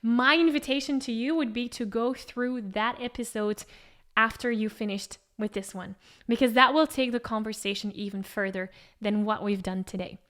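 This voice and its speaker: A woman's voice: a little high, steady tone, moderate pace, fairly bright tone. A woman singing teacher giving an encouraging vocal lesson and demonstrating exercises.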